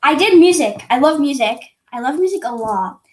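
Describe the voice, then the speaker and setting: Giggly teenage girl, lively high voice. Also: moderate pace. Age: teens. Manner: giggly, animated, acts out quoted dialogue. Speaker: guest. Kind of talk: casual storytelling interview.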